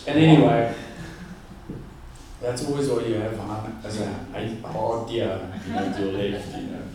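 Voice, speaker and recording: A man preaching a conversational, animated sermon. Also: lowish voice, measured pace, slight background noise. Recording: echoey room, distant mic.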